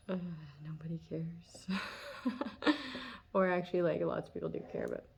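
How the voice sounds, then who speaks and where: A woman's voice: fairly low pitch, gravelly, a little mellow. A woman giving a casual, chatty tarot reading, laughing often and full of fillers. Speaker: tarot reader.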